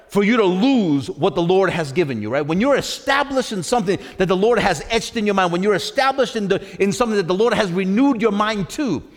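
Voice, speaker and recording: A male preacher with a high, very animated voice delivers an emphatic sermon. He circles back over the same phrases and keeps asking "right?" His voice rings out with long reverb.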